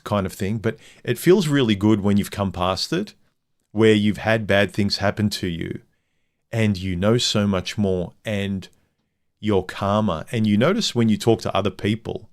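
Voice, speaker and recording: A man with a very low, deep voice talks through a casual livestream monologue. He is candid and blunt, and his thoughts ramble from point to point. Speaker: livestream host.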